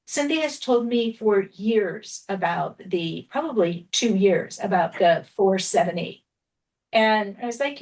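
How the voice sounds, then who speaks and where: A middle-aged woman physician chatting casually on a panel, animated and peppered with "like", speaking on a video call. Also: fairly high pitch, moderate pace. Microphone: video call laptop mic. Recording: distant laptop mic on a video call.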